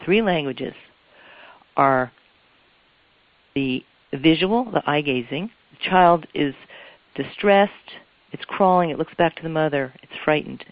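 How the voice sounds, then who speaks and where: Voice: medium pitch, takes it slowly, pauses often, no echo, highs cut off. A couples therapist giving an earnest, explanatory interview answer and often repeating phrases for emphasis.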